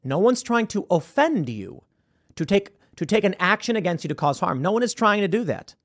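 A man's voice: high-pitched, sing-song, moderate pace, fairly bright tone. A man hosting a podcast, giving emphatic, argumentative opinion commentary and restarting his words as he goes. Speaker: podcast host.

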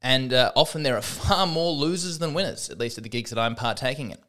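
A man's voice: medium pitch, fairly quick, sharp tone. A man hosting a podcast, delivering a rambling, self-deprecating comedic monologue with frequent restarts. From Australia. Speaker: podcast host.

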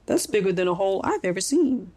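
A woman voicing a friendly, playful male dog in a children's story, speaking in a steady, easy way. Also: mid-range voice, quick pace, no room sound.

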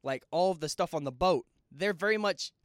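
A man's voice: fairly high pitch, a little fast, dry recording, studio quality. A young man co-hosting a podcast, chatting casually about a film and rambling through restarts mid-thought. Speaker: podcast co-host.

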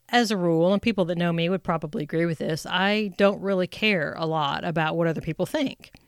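A middle-aged woman telling a personal story in a chatty, animated way, acting out her own thoughts aloud. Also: on the low side, smooth, no room sound, clean studio sound. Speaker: speaker sharing a personal story.

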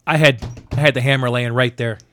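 A man telling a story about his workday in casual chat, animated and acting out the people he met. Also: mid-range voice, fairly quick, slight background noise. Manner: animated, acts out angry shouting in quotes.

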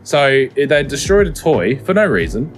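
A man's voice: mid-range voice, big pitch swings, normal speed, soft background music. A man, co-hosting a podcast and telling a story in casual chat, full of swearing and laughter. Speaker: podcast co-host.

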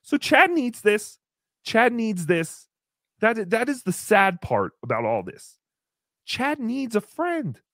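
A woman's voice: a little high, sing-song, slow, no echo, clean studio sound. A woman hosting a podcast, giving sarcastic, theatrical commentary on a comedy roast. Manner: sarcastic, theatrical, slips into mocking voices. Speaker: podcast host.

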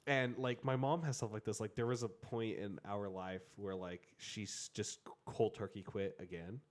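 A man telling a family story in casual chat, full of "like" fillers and quick asides. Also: on the low side, steady tone. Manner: loose, filler-heavy storytelling with frequent "like".

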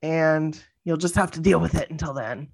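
A woman's voice: deep voice, fairly even intonation, normal speed, vocal fry, a little mellow. A woman co-hosting a podcast in easy casual chat, still getting over a cough. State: lingering cough. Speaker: podcast co-host.

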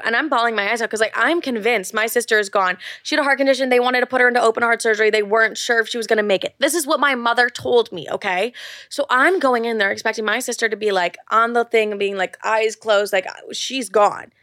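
Fairly quick and on the high side, this podcast host's bright voice carries candid stories from a twentysomething woman going solo, heavy on the filler "like" and full of swearing. The sound is dry and clean, studio-style.

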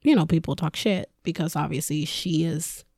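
A podcast host and mother of a school-age daughter rants casually and candidly, swearing often and laughing a lot. Her voice sits low and is darkish and slightly rough, at a normal speed. The studio recording is clean with no echo.

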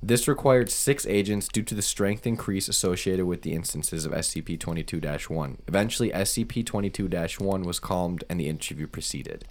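A man's voice: low voice, brisk, few pauses, a little mellow. A man reading a creepy document aloud in a casual, joking co-host style, swearing freely.

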